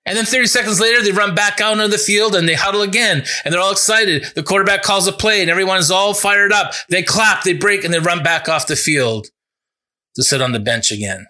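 A male pastor giving a sermon in an earnest, conversational way, building to emphatic peaks and dropping low for reflective points. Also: fairly quick, bright, forceful tone. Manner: earnest, conversational preaching with restarts and rising emphasis.

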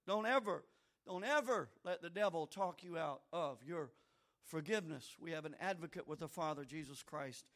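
A high-voiced man preaches a fervent sermon. He talks right at his listeners in a folksy way. He rises to loud, fervent peaks and then drops to quiet, confessional asides. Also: moderate pace. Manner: swings between shouted fervor and quiet confessional asides; addresses listeners directly, folksy.

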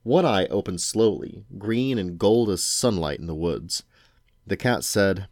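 A man reading a novel aloud to his sons at home, at a steady, unhurried pace. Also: low voice, dry recording, clean studio sound. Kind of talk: bedtime storybook reading.

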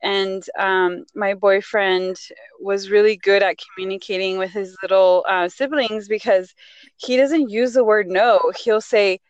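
A woman talking through parenting tips in a relaxed panel conversation, her voice smooth and clear. The sound is dry and a little dull, with no room around it. She illustrates each point with everyday examples and slips into Spanish phrases now and then. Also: mid-range voice, a little slow, no echo. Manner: explains with examples, code-switches into Spanish phrases. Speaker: guest parenting expert. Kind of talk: casual panel chat.

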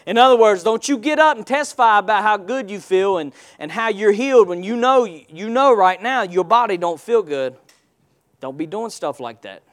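A man's voice: high-pitched, a bit bright, clear, resonant tone. A man preaching a sermon in a church, using call-and-response and rhetorical questions. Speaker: pastor.

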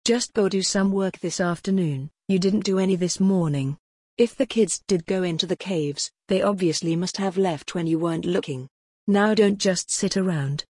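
Lady reading as a bossy woman telling someone off, firm, low warm voice. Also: normal speed, breathy edge, dry recording, clean studio sound. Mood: scolding. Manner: scolding, firm. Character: stern, bossy woman running an outpost.

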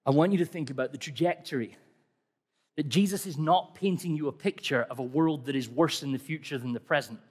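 A man's voice: on the high side, a little fast, darkish tone, slightly rough. A middle-aged man preaching a sermon in a conversational, wry way, asking many rhetorical questions. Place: church hall. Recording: long hall reverb.

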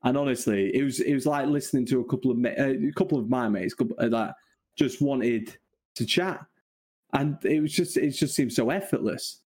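A man's voice: mid-range voice, brisk, darkish tone, slightly rough. A man in his thirties with a Mancunian accent, chatting casually on a podcast, laughing often and poking fun at himself. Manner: laughs often, self-deprecating. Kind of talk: casual chat.

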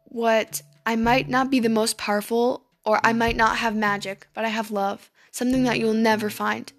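A woman's voice: on the high side, little pitch movement, moderate pace, soft background music, close to an everyday voice. A woman voicing a brave, emotional young princess with a pleading tone. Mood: defiant.

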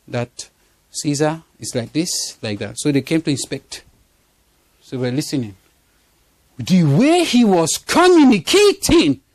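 A man preaching to his congregation, animated and laughing, drawing call-and-response from the listeners. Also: high voice, no echo. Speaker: pastor. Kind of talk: sermon. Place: church congregation.

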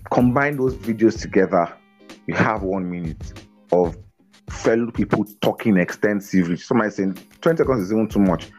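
A man speaking as a guest in a casual interview over a video call, energetic, often repeating words and laughing. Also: fairly low pitch, a little fast, breathy edge, faint music behind. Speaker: guest on a business podcast.

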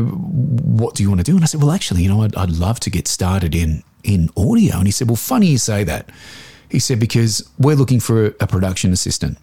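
A man in his forties with an Australian accent, a voiceover artist chatting as an interview guest and telling lively stories with many restarts. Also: mid-range voice. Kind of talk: casual interview storytelling.

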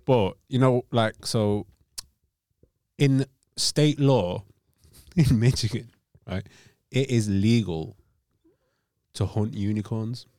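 A man's voice: fairly low pitch, takes it slowly, long pauses, mellow, no room sound, studio quality. A young man co-hosting a comedy podcast, sharing odd facts and defending them when challenged. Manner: defensive, argumentative, keeps cutting in. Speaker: podcast co-host. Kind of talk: casual comedic banter.

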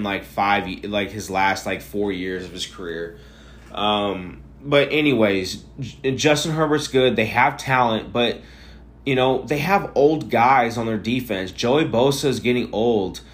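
A tired young man talks through football news on his own podcast, his voice at an ordinary middle pitch. He rambles and restarts often, with blunt and opinionated views. He sounds sleepy and yawns now and then. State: tired, yawning. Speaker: podcast host. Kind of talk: casual solo sports podcast.

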